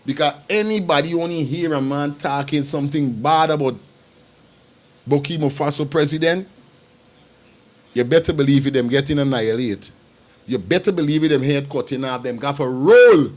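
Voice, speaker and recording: A man's voice: on the high side, moderate pace, long pauses. Emphatic man hosting a livestream. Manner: emphatic and repetitive, talks straight to viewers. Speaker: livestream host. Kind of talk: casual commentary.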